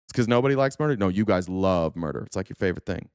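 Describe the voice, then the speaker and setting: A man's voice: deep voice, lively intonation, fast talker, clean tone, no room sound, studio quality. A man hosting a political talk stream, ranting angrily with heavy profanity and sarcastic mock quotes while answering chat comments. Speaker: political talk show host.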